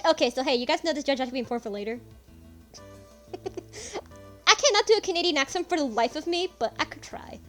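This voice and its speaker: Woman let's-play host; casual, profane, high animated voice. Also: a little fast, soft background music. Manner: casual, swears freely, self-deprecating. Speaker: gaming streamer.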